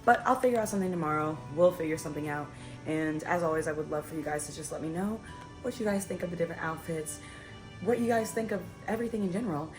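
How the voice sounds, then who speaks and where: A woman's voice: fairly low pitch, quick pace, recorded from a distance. Young woman, travel vlogger, chatty, fillers, teary, echoey room, music behind. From Maryland, USA. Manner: chatty and upbeat, with many fillers. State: tearful, fighting back crying. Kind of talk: casual vlog talk to camera. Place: hotel room, indoors.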